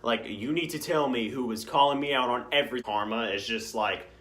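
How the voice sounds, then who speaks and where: A young man, telling high school stories in a rambling, casual vlog. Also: fairly quick, slight background noise. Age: young adult. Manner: rambling, filler-heavy, animated storytelling. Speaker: vlogger.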